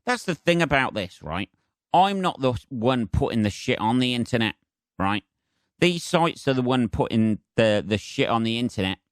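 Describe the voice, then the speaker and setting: A man's voice: medium pitch, lively intonation, normal speed, dry recording, clean studio sound. A man hosting a solo podcast, rambling casually with swearing and self-mocking asides. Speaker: podcast host.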